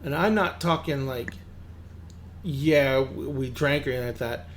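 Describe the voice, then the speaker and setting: A man's voice: mid-range voice, normal speed, slight background noise, close to an everyday voice. Man doing a foul-mouthed tattoo shop owner. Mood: defensive. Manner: swears freely, streetwise and exasperated.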